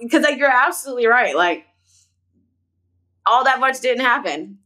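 Philly woman on a sports podcast, bright sharp voice, chatty, lots of likes and laughing. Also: fairly high pitch, lively intonation, moderate pace. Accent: Philadelphia. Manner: chatty, laughs often, many "like" fillers. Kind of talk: casual sports chat.

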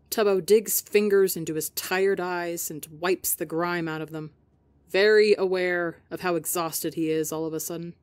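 A woman reading fan fiction aloud in a calm, measured way, dropping her voice softly for asides. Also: fairly low pitch, dry recording. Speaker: podcast reader.

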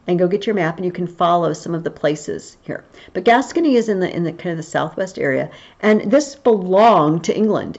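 A woman's voice: deep voice, gravelly, a little mellow, highs cut off. A woman history teacher talking through a recorded video lesson in a chatty, explaining way.

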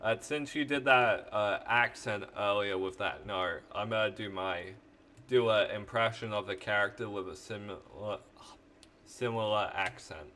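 A man's voice: lowish voice, normal speed, sharp tone, slight background noise. A man hosting a let's play, chatting casually while gaming, rambling, joking and swearing.

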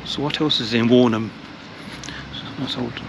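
Rambling guy filming himself on a walk, traffic rumbling behind, chatty. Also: fairly even intonation, unhurried. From England. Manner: chatty, rambling, repeats words. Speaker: travel vlogger. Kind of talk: casual walking vlog narration. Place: outdoors in a village, walking. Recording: outdoor recording with clear traffic noise.

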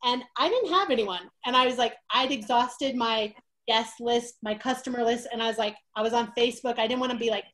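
A woman who sells through network marketing, telling an excited story, laughing often and acting out the lines of the people she talks to. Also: a little high, fairly quick, rough recording. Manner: animated, laughs often, acts out quoted dialogue.

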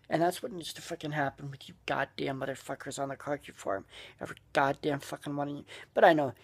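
Furious profane man ranting, husky voice. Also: fairly high pitch. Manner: profane, furious, shouting bursts. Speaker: vlogger. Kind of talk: angry ranting monologue.

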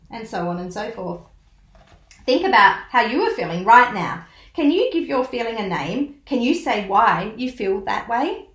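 A woman's voice: fairly high pitch, animated, moderate pace. A woman educator reading a children's book aloud and explaining it, in a teacherly way that asks the listener questions. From Australia. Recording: roomy echo.

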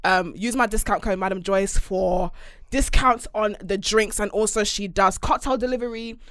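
A woman's voice: medium pitch, normal speed, fairly bright tone, no echo, clean studio sound. A woman hosting a podcast in casual chat, playful and laughing often, calling her guest darling. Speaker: podcast host.

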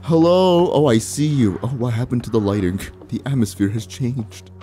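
Brief: gaming host, playful and jokey, mellow voice, light music underneath. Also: male voice, medium pitch. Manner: playful, jokey, quick reactions and exclamations. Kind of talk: casual gameplay commentary.

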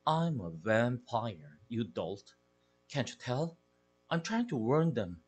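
A man's voice: medium pitch, sing-song, slow, breathy edge, soft background music, full character voice. A man with a Korean accent voicing a sardonic, moody male house cat who talks with scorn and exasperation. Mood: scornful.

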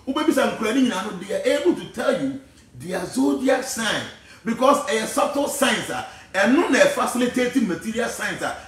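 A man with a Ghanaian accent, giving an animated, preachy talk that wanders from point to point. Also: sits high, heavy reverb, far from the mic. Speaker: spiritual teacher. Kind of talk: casual talk mixing English and Twi.

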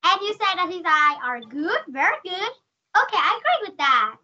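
A woman's voice: very high voice, very animated, normal speed, sharp tone. A woman with a Vietnamese accent teaching an online class over a video call, asking questions and calling on students by name. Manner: calls on students by name, asks many questions. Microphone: computer mic on a video call. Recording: dull lo-fi video call audio.

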